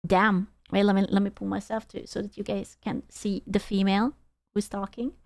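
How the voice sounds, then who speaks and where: A young woman streaming and reacting to videos in casual chat, blunt and quick to swear. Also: medium pitch, little pitch movement, gravelly, no room sound. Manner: blunt, swears freely, laughs often.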